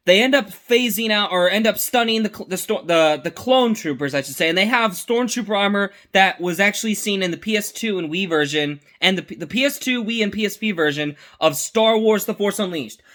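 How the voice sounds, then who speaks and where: A man hosting a casual fan review, talking excitedly and rambling, often stopping to correct himself mid-sentence. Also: high voice. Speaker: host.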